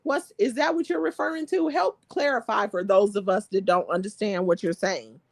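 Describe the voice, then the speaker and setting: A woman's voice: mid-range voice, normal speed, vocal fry, no echo. A woman hosting a live stream, chatting casually and reading viewer comments aloud, laughing often.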